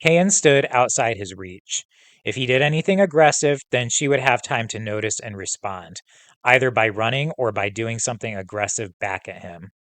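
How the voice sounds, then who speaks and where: A male teacher reading a novel aloud to students, pausing to pose comprehension questions in a steady, instructive way. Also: medium pitch, no room sound.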